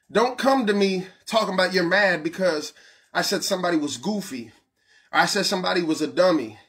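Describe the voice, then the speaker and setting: A man preaching a passionate sermon, asking the listener questions and shouting some lines. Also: high voice. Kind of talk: fiery street-style sermon.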